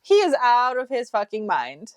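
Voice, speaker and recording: Woman co-host, high lively voice, quick reactive chat, dry sound. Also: no echo. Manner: chiming in with quick reactions and laughter. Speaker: podcast co-host. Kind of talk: casual book chat.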